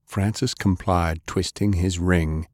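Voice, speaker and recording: A man narrating an action audiobook, jumping in pitch as he voices the characters. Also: fairly even intonation, slow pace, darkish tone, dry recording, studio quality. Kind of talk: dramatic audiobook reading.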